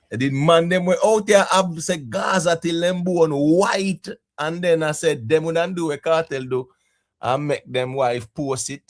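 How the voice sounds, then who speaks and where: A young adult Jamaican man hosting a casual live stream, laughing often and giving shout-outs to viewers in patois. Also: fairly high pitch, measured pace.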